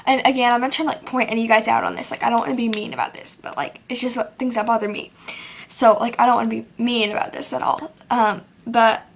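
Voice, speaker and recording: High-voiced teen girl ranting rambly. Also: flat delivery, fast, gravelly, a little hiss or hum. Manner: rambling, filler-heavy, acts out quoted people. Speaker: vlogger. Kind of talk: casual rant to camera. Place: at home, seated in a chair. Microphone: self-recorded camera.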